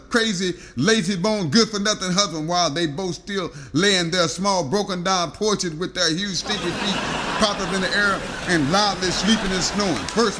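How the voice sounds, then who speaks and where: A man's voice: high voice, bright, forceful tone, a little hiss or hum. A man narrating a rambling comic story, stringing long lists of insults with filler "uh"s.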